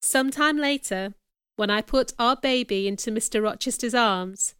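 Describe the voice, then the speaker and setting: Woman narrator, bright and crisp, dry close recording, measured story reading. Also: on the high side, no echo. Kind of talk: scripted first-person story reading.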